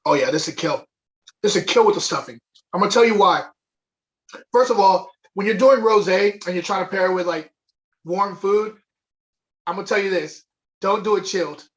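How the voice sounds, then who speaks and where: High-pitched guy, chatty and excited, going over wine on a livestream. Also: moderate pace, long pauses. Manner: enthusiastic, chatty, with fillers. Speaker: wine tasting co-host. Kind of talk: live online wine tasting chat. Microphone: webcam or desk mic on a video stream.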